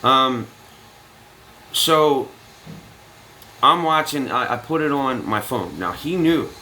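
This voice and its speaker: A man's voice: mid-range voice, slow, slight background noise, rough recording. A man telling a story casually to his viewers, cursing freely and acting out what people said. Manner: animated, profane, acts out quotes. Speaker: vlogger.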